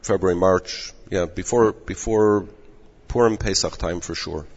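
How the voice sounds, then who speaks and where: A man who directs rabbinic placement, giving measured advice in an interview while losing his voice. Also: deep voice, husky. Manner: measured, advising. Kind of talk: explanatory interview answers. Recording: echoey dull room audio.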